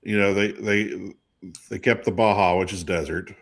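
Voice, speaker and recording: A man with a slightly low voice hosts a relaxed talk show. He chats freely and keeps the conversation going with questions. His tone is lively and casual. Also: moderate pace. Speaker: host. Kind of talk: casual chat.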